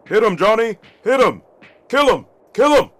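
A woman playing a frantic young man yelling at a fight, his voice high and leaping all over the place. He shouts and begs at full force. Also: very animated, moderate pace. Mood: frenzied. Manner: shouting, pleading. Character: frantic young male onlookers.

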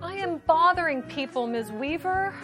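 American woman, high voice, slow careful delivery, apologetic, music behind. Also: lively intonation. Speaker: learner character in a scripted English lesson. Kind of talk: slow scripted dialogue for learners.

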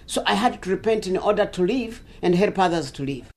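Impassioned Rwandan bishop addressing an audience. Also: male voice, high-pitched, lively intonation. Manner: impassioned, rising to outbursts, heavy pauses. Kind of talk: emotional public reading and speech. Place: bookstore with audience.

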